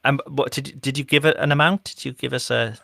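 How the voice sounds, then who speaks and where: A man co-hosting a live podcast from a small room, chatting casually and stammering through restarts as he thinks out loud. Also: medium pitch, brisk, creaky, dry recording, clean studio sound. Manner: hesitant, stammers with restarts, lively. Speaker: podcast co-host.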